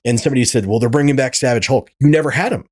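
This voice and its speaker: Male podcast host, casual rant, profane, stammers and restarts, mid pitch. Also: very fast, darkish tone. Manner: ranting, profane, repeats words often. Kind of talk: casual chat.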